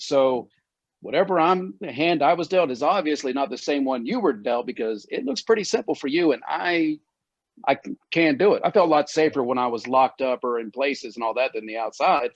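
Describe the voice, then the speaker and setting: Sex: man. Role: guest co-host. Pitch: average male. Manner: reflective, frank, casual fillers. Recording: dry, dull lo-fi audio. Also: no room sound. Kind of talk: podcast conversation.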